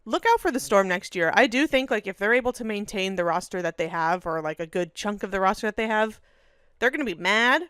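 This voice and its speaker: A woman co-hosting a casual basketball podcast, enthusiastic and a little profane, with quick asides. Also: mid-range voice, animated, a bit bright, clean tone, no echo, studio quality. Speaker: podcast co-host. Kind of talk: casual sports chat.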